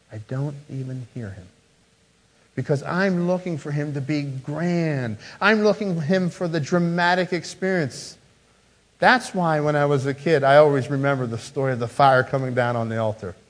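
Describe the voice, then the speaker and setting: A man preaching an earnest sermon, swinging between loud emphasis and hushed softness and often repeating words. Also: fairly high pitch. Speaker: pastor.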